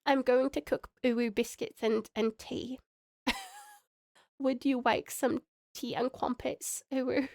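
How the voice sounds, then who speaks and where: A high-voiced Australian woman chats through a live game stream. She giggles constantly, gets excited easily, and drifts into playful baby talk. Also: slow, long pauses. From Tasmania, Australia.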